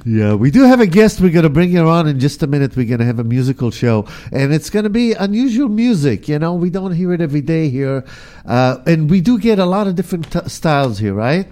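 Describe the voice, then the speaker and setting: A man's voice: fairly high pitch, fairly quick, hardly any pauses. A man hosting a morning radio talk show in a studio, chatting casually and laughing often. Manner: relaxed, rambling, laughs often.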